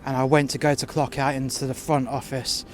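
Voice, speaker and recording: A man telling a first-person story outdoors in the cold, halting with fillers and breaking into profane outbursts. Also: mid-range voice, little pitch movement, slight background noise.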